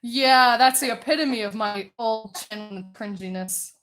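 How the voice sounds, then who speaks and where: A woman streamer chatting casually while she draws, naturally loud, chatty and self-mocking, laughing often. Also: on the high side, a little slow.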